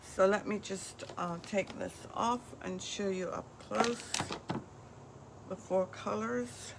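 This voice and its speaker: A woman's voice: medium pitch, steady tone, takes it slowly, creaky, background noise. A woman hosting a live craft demonstration, chatting as she walks viewers through each step. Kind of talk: live craft product demo.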